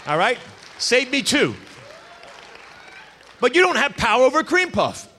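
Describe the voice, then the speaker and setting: Guy preaching a sermon, high-ish voice, punchy, tells stories and does little voices. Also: measured pace, a faint crowd, a little hiss or hum. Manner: animated storytelling with acted quotes. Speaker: pastor.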